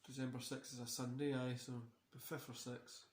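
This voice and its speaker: A man's voice: medium pitch, little pitch movement, moderate pace. A tired man hosting a casual wrestling watch-along, rambling and swearing freely between many fillers. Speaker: host. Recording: roomy echo.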